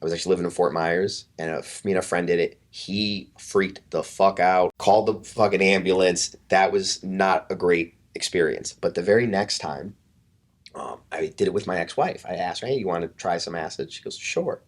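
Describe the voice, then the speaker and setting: Deep-voiced man telling a story. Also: normal speed. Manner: animated, swears often, acts out quotes. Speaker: podcast guest, fitness coach. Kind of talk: casual storytelling.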